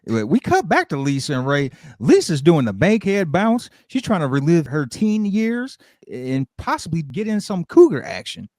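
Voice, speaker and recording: Podcast guy, super bouncy pitch all over the place, jokey recap, dry close sound. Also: wildly swooping pitch, moderate pace, darkish tone, no room sound. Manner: jokey, slips into character quotes. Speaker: podcast co-host.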